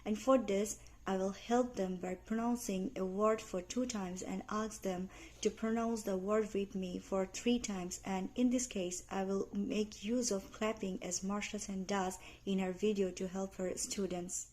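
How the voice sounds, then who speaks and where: A young adult woman reading out a class presentation on teaching pronunciation, careful and measured, with small grammar slips. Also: mid-range voice, fairly even intonation, a little mellow, slight background noise. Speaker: student presenter. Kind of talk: read academic class presentation.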